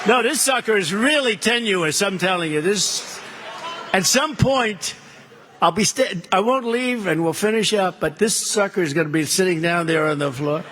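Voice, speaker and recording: A man's voice: high voice, normal speed, pushed and bright, a faint crowd, slight background noise. A man giving an off-the-cuff rally speech from a stage, rambling, boastful and repetitive, mocking his rivals into a podium microphone. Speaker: political candidate at a rally. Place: stage at a political event.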